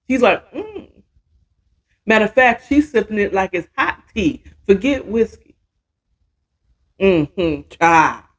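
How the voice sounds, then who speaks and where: Slow, chatty storyteller. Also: medium pitch, lively intonation. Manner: chatty, slangy, voices the characters' lines. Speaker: podcast host. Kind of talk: casual storytelling recap.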